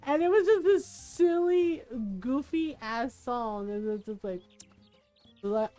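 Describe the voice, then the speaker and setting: A woman's voice: high-pitched, steady tone, slow, dark tone, faint music behind. A woman in her thirties chatting casually while streaming a game, giggling and humming to herself.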